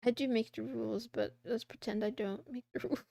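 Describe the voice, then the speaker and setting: A woman's voice: fairly high pitch, fairly even intonation, fairly quick, gravelly, dark tone, dry recording, studio quality. A woman streamer chatting casually while she draws a comic, rambling, giggling and joking with herself.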